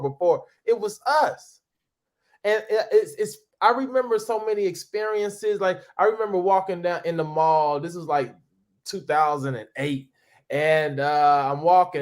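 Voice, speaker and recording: A man in his thirties, an interview guest, telling stories in a casual, animated way, acting out other people's voices and often restarting his sentences. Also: fairly high pitch. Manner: animated, acts out quoted voices, frequent restarts. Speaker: interview guest, former reality TV cast member.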